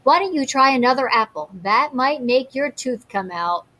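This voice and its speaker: A woman's voice: sits high, animated, moderate pace, sharp tone, full character voice. A fussing storybook mother, read by a woman, soothing and a little flustered. The voice sits close to the reader's own, slightly raised.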